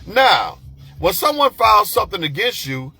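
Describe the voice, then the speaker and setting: A man tells his story in a loose, profane monologue, jumping into the voices of the people involved. His voice sits high and sounds sharp and a little raspy. Soft music plays underneath. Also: moderate pace. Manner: animated, profane, acts out quoted voices. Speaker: podcast host telling a personal story.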